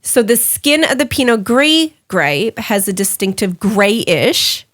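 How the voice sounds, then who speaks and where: A woman's voice: a little high, sing-song, takes it slowly, a bit bright. A woman co-hosting a casual chat podcast, playful and teasing, often laughing. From Australia. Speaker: podcast co-host.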